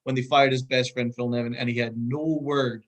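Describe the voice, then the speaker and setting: A man in casual sports chat on a podcast, chiming in with quick agreement. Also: medium pitch, little pitch movement. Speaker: podcast guest.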